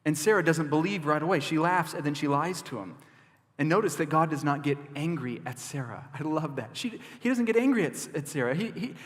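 A male pastor delivers an animated, emphatic sermon with conversational asides in a church. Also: a little high, brisk, in a large hall.

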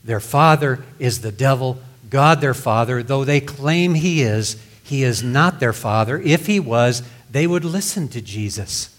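A man's voice: medium pitch, animated, a little slow, few pauses. A man preaching a sermon, reading scripture aloud and explaining it in plain words. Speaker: pastor.

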